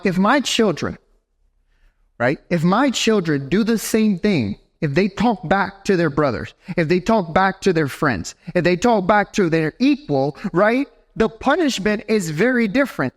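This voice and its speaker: A young man preaching a sermon as pastor in a church, animated and talking straight to his congregation. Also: high-pitched, moderate pace. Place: church sanctuary.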